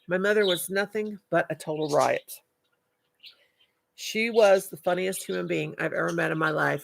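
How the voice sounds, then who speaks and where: Chatty older woman with a gravelly voice. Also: on the low side, fairly bright tone. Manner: chatty, affectionate, calls viewers darling and honey. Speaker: livestream host. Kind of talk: casual live-stream chat reading comments.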